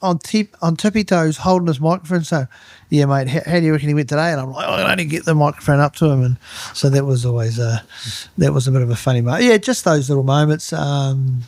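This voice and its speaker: Kiwi bloke, mid-pitch, dry close mic, lively yarn-spinner who pops up in pitch for quoted lines. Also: male voice, fast, no echo. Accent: New Zealand. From New Zealand. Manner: animated storyteller, acts out quotes in a higher voice. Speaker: podcast guest, turf manager. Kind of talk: casual chat.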